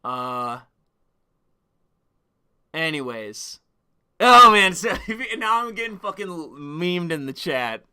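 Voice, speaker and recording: A man's voice: fairly high pitch, very animated, pushed and bright, clean tone. A man live-streaming, talking at length and arguing with his chat, swearing freely and combative. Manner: profane, combative, quick to argue with chat.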